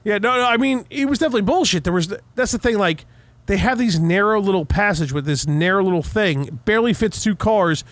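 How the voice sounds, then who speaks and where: A young man co-hosting a podcast, telling a profane, animated story in casual chat. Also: high-pitched, fairly quick, no echo. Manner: profane, animated retelling with heated quoted outbursts. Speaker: podcast co-host.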